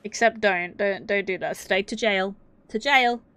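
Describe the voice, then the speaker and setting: A woman streaming a game live, chatting to her viewers, laughing often and swearing freely when she gets excited. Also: medium pitch, unhurried, clear, resonant tone. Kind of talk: live gameplay commentary.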